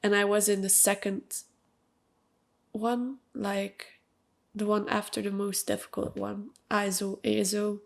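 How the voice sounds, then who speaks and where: Slow and creaky, this young Belgian woman speaks at a medium pitch with little pitch movement, her voice nasal from allergies and marked by a Belgian accent. At home with her cats, she delivers a casual, emphatic monologue for her own podcast, loaded with fillers.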